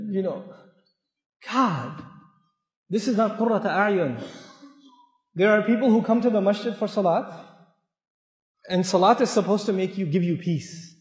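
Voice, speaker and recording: A man giving an earnest, conversational sermon to a mosque audience, moving between loud emphasis and quiet asides. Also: high voice, unhurried, long pauses. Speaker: Islamic speaker. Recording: echoey hall, dull lo-fi sound.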